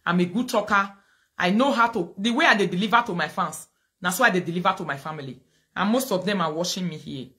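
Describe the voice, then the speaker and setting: A woman's voice: on the low side, fast talker, sharp tone. A woman with a Nigerian Pidgin accent hosting a live video, outspoken and dismissive. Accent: Nigerian Pidgin English.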